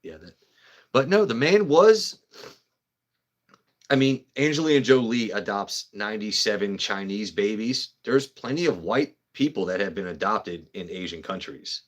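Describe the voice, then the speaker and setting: A livestream host with a fairly low pitch and lively intonation speaks a little slowly in a casual, rambling chat. He swears, jokes and addresses viewers by name.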